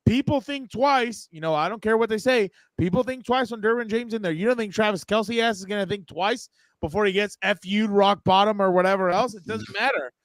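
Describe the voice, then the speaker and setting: A man co-hosting a casual sports podcast over a video call, loud, profane and fired up. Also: sits high, moderate pace, no echo, studio quality. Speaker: podcast co-host.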